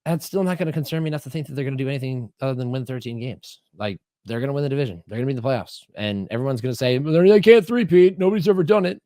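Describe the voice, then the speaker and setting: A man co-hosting a podcast, talking sports in an animated, emphatic way and often restarting his phrases. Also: medium pitch, dry recording, studio quality. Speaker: podcast co-host. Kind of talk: casual sports chat.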